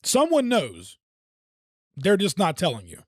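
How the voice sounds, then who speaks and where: A man with a fairly high voice rambles through conspiratorial commentary and swears as he goes. His voice sounds dry and close, with no room sound around it. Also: huge pitch swings, a little slow, dry recording. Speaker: reaction video host. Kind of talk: casual commentary reacting to clips.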